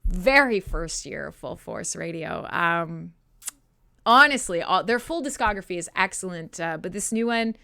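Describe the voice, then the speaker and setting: A woman hosting a live metal radio show, chatting casually with listeners in an animated, profane way, often laughing at herself. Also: on the low side, moderate pace, creaky.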